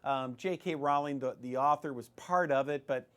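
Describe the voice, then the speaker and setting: A man's voice: medium pitch, moderate pace, clear, resonant tone. A middle-aged man hosting a radio show, talking casually and with animation, often restarting his sentences. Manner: chatty and animated, with frequent restarts.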